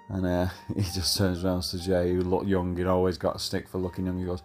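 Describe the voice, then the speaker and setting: A man's voice: sits low, monotone, a little fast, few pauses, darkish tone, soft background music. A man, telling a chatty, laddish story in a voice message, full of fillers. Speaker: caller sending a voice message.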